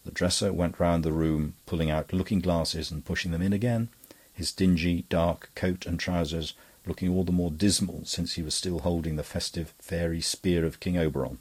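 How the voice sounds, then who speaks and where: A man narrating an audiobook with a measured, even reading style. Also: sits low, husky. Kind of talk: scripted narration.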